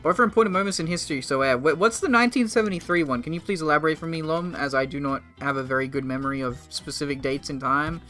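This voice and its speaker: A man's voice: on the high side, quick pace, few pauses, sharp tone, faint music behind. A man in his twenties casually commenting on a strategy game during a live stream, rambling and swearing. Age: 20s. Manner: rambling, profane, joking with chat.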